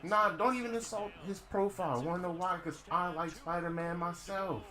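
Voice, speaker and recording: Slangy streamer mocking a troll. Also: male voice, high voice, normal speed, sharp tone. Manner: mocking, slangy, addressing chat. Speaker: gaming streamer. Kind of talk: casual live-stream talk. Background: game crowd noise.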